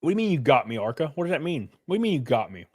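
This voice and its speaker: A man's voice: fairly high pitch, big pitch swings, rapid-fire, darkish tone, husky, dry recording. A young man chatting casually on a live stream, reading chat aloud with loose, jokey slang.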